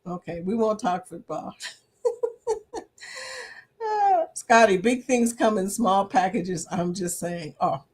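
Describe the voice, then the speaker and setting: Older woman, livestream host, slow and lively, giggly. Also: mid-range voice. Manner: giggly, laughs often between remarks. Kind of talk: casual livestream chat reading viewer comments.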